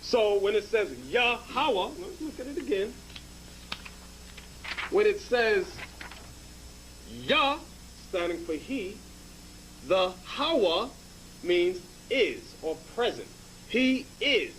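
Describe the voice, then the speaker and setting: A man's voice: sits high, a little hiss or hum, poor audio. A man teaching in a lecture style, emphatic and checking in with the class by asking "okay?".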